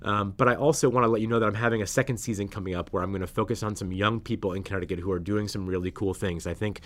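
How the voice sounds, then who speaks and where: A man's voice: lowish voice, steady tone, rapid-fire. Earnest man laying out policy points. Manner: earnest, explains in numbered points. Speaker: state legislator guest. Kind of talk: podcast policy discussion.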